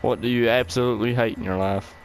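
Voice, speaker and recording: A man's voice: mid-range voice, steady tone, quick pace, faint music behind. A young man bantering and teasing his friends while gaming. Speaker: gamer in party chat. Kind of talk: casual chat while gaming.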